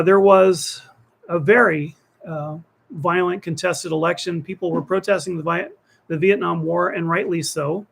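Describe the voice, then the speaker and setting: A man's voice: a little high, creaky, breathy edge, poor audio. An older man, co-host of a political talk show, debating in a rambling casual way with many fillers and restarts.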